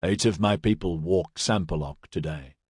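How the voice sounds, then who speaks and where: A guarded male informant speaks in a hushed, measured way, as a male audiobook narrator puts him on. His voice sits low and the sound is dry and close. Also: husky, no room sound.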